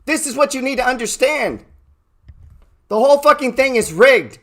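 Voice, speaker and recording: A man with a fairly high voice giving a fired-up trading talk. He swears freely, asks rhetorical questions, and drops from loud bursts to low murmurs. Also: animated, moderate pace. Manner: profane, emphatic, rhetorical questions. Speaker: trading educator. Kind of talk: motivational talk.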